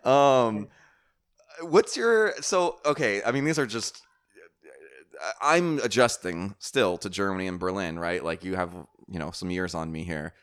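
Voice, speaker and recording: A man's voice: lowish voice, animated, measured pace, fairly bright tone, clear, resonant tone. A man hosting a casual podcast chat, telling stories in a rambling way with many fillers and restarts. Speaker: podcast host.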